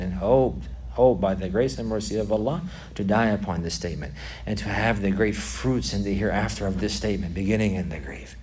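A man's voice: on the low side, a little mellow, a little hiss or hum. A man teaching a religious class, repeating key phrases for emphasis and putting questions to his students. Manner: quizzes the class.

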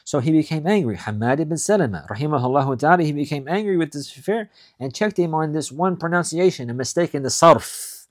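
A man teaching a religious lesson. He reads Arabic passages quickly, then explains them in English, repeating his key points with emphasis. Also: on the high side, animated, dry recording, clean studio sound. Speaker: Islamic studies teacher. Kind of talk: recorded lesson explaining classical texts.

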